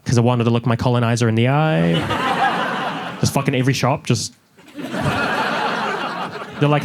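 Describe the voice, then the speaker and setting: A young man performing a stand-up comedy set in a large theatre, telling stories in an animated way and acting out the people in them. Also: moderate pace, long pauses, very noisy. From New Zealand. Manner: animated storytelling, acts out characters with rising pitch. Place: large theatre with live audience.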